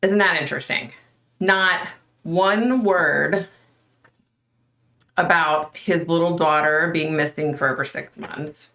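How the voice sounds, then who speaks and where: A woman's voice: deep voice, slow pace, pauses often, sharp tone. A middle-aged woman hosting a casual livestream, chatting with viewers by name and talking with a skeptical edge. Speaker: livestream host.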